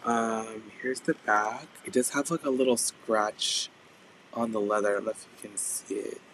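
Hoarse man hosting a live sale. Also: lowish voice, steady tone, moderate pace, a bit bright, a little hiss or hum, poor audio. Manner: chatty, describes items in detail. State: hoarse, losing his voice. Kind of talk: casual live-stream sales pitch.

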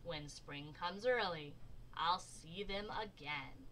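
A woman's voice: fairly low pitch, slow pace, background noise. A woman voicing a grumpy, stubborn male groundhog who drags out his refusals in a storybook reading. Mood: cheerful.

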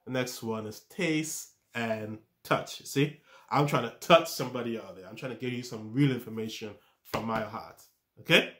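A man's voice: mid-range voice, normal speed, a bit bright. Man giving a repetitive motivational pep talk. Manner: repetitive, coaching, asks rhetorical questions; stumbles and restarts words. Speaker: self-improvement speaker.

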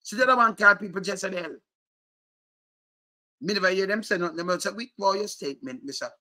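A middle-aged Jamaican man ranting in heated commentary, animated and repetitive, switching between Patois and English. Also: high voice, fairly quick.

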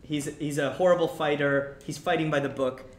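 A man's voice: on the high side, brisk, roomy sound, a little hiss or hum. A man teaching a class about a play, explaining lines and acting out quotes with energy. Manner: animated, acts out quoted lines.

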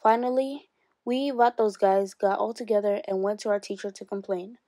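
A woman teacher reads a memoir aloud for her students in a steady, expressive way and lifts her voice for emphasis. Her pitch is mid-range, and the recording is dry and close. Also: normal speed, no room sound. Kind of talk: reading a memoir aloud for class.

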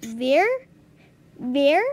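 A woman's voice: sits high, expressive, drawn-out words. A woman vlogging as she works through a language lesson, puzzled and giggly, sounding out new words to herself. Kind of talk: casual commentary while doing a language lesson.

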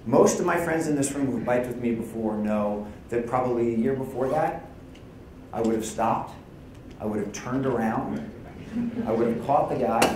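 A man's voice: medium pitch, noisy background. A man giving opening remarks at a conference, telling personal stories in a candid, conversational way and acting out quoted lines. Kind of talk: personal keynote storytelling. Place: conference hall. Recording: very echoey hall.

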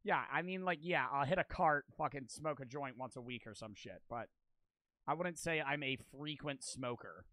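A man's voice: medium pitch, normal speed, pushed and bright. A man in his twenties streaming and reacting to videos, rambling and joking with a lot of profanity. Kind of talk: casual stream chat.

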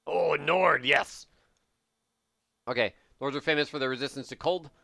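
A man streaming a video game, giving live commentary in an excitable, joking way as he thinks aloud. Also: a little high, moderate pace, creaky, dry recording, clean studio sound.

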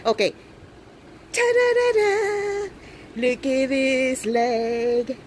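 A woman records an unboxing vlog at home and gushes with excitement. Her voice sits high and swoops widely in pitch. She talks at an unhurried pace. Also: slight background noise, low-quality recording. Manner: gushing, excited, coos over the doll. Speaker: reborn doll collector vlogger. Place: indoors at home.

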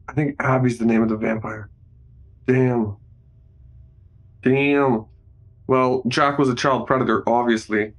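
A man's voice: medium pitch, flat delivery, a little slow, long pauses. A man casually narrating a film scene by scene, joking and commenting as he goes. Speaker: movie recap narrator. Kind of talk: casual improvised movie narration.

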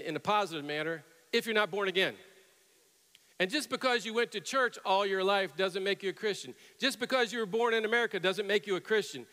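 Bright-voiced male pastor preaching in a reverberant hall. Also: high voice. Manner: storytelling preacher, rising to loud emphatic peaks. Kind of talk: sermon. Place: church sanctuary with long reverb.

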